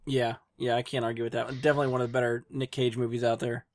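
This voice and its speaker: A man chatting casually as a podcast guest about movies, easygoing and quick to agree. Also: medium pitch, level tone, no echo.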